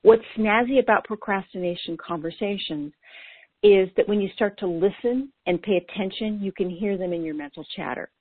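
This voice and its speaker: A woman's voice: medium pitch, normal speed, slightly rough, no echo. Woman coach on a tinny phone-like line. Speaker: ADHD coach. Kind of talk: scripted coaching talk. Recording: dry, tinny phone-like sound.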